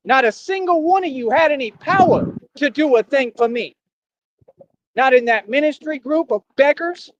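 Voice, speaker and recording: A man in an impassioned streamed rant, preachy and defiant, swinging between shouting and low brooding. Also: normal speed, no room sound. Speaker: livestreamer. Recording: dry, dull lo-fi stream audio.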